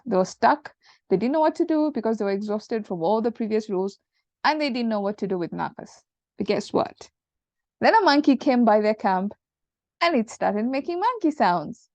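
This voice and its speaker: A woman teacher telling a playful, jokey story to explain a lesson, in a conspiratorial, animated way. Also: medium pitch, no echo. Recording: dull dry lo-fi recording.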